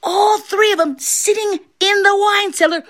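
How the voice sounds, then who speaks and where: A middle-aged woman telling a folktale aloud, expressive and laughing often as she narrates. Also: extremely high pitch, moderate pace. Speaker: storyteller. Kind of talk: animated oral folktale telling.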